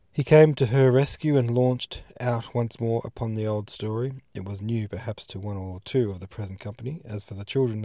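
Male audiobook reader, measured and steady, low mellow voice, dry close sound. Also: no echo. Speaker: podcast host reading a novel aloud. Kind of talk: audiobook reading.

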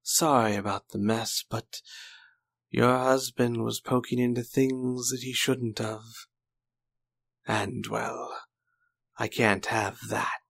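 A man's voice: mid-range voice, steady tone, takes it slowly, gravelly, long pauses, a bit bright, exaggerated voice. A man doing a smug, mocking older swordsman villain. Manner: mocking, falsely polite.

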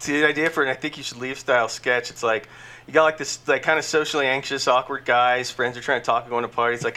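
A man's voice: mid-range voice, fairly even intonation, fast talker, bright, forceful tone. A man co-hosting a podcast, telling a rambling story with crude, joking banter. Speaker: podcast co-host. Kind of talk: casual chat.

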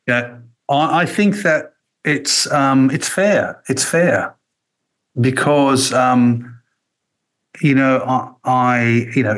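A man's voice: medium pitch, fairly bright tone, low-quality recording. A middle-aged man, talking as an interview guest, reflective and full of ums and restarts. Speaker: interview guest, former radio executive. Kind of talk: conversational interview.

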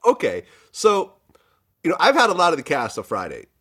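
A laid-back man hosting a podcast, his voice a touch high and lively in pitch. He chats easily with his guest in a relaxed interview. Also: a little fast, husky. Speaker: podcast host. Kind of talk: casual interview chat.

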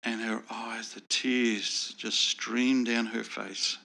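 A man's voice: medium pitch, little pitch movement, takes it slowly, gravelly, bright, forceful tone. A man earnestly telling a personal faith story as a guest in a conversational interview. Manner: earnest, reflective. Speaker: guest sharing personal testimony.

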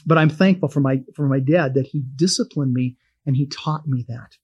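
A man's voice: medium pitch, moderate pace, a little mellow, breathy edge. A middle-aged man teaching from the Bible in a homespun, conversational way, telling personal stories and chuckling as he goes.

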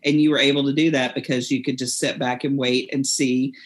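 A woman's voice: very deep voice, level tone, brisk. A woman co-hosting a recovery podcast, reflective and storytelling, laughing often. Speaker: podcast co-host. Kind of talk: casual chat about recovery.

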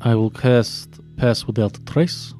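A man's voice: medium pitch, unhurried, a little mellow, soft background music. A man playing a tabletop game, thinking aloud and often hesitating. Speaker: player. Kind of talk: casual tabletop play.

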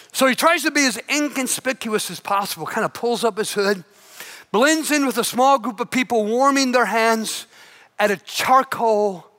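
A man preaching a sermon, telling a story dramatically and dropping to a hushed intensity at its peaks. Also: extremely high pitch. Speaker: pastor.

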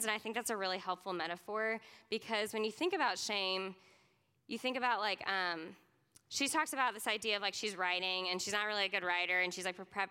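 A woman's voice: medium pitch, sharp tone, clean tone, in a large hall. Earnest young woman teaching a class. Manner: earnest, chatty, many "like" fillers. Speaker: speaker teaching a youth ministry class. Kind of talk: casual class talk. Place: conference classroom or hall.

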